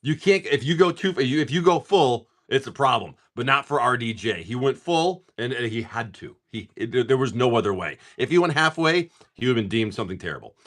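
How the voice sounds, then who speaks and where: Animated, swearing card-break streamer guy. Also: mid-range voice, brisk, hardly any pauses. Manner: upbeat, swears casually, greets viewers by name. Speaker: live-stream host opening card packs. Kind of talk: casual live-stream chat.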